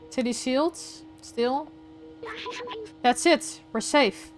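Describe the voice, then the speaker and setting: A woman streamer giving let's play commentary, emotional and expressive as she talks straight to her viewers. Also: high voice, moderate pace, a little hiss or hum. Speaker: gaming streamer.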